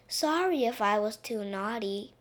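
A woman voicing a naughty little girl princess who plays pirate, pouty and excitable. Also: a little high, slow pace, full character voice. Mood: pouty excited.

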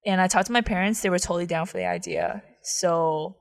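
A woman's voice: on the low side, sing-song, fairly quick. A young woman from China, a college student, chatting casually as an interview guest in with lots of fillers. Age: young adult. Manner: chatty, many fillers and likes.

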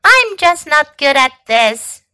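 A woman voicing Raisin, a young girl animal in a children's storybook, squeaky and flustered. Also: sing-song, slow pace, bright, forceful tone, full character voice. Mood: apologetic.

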